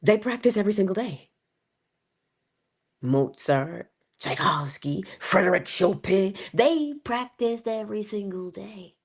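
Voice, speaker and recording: An animated woman leads a morning motivational talk in a preacherly style, her pitch rising and falling widely. She sounds a little congested, and she calls out to viewers by name. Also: unhurried, slightly rough. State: congested, coughing. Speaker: inspirational speaker and host. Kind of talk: live-streamed motivational talk.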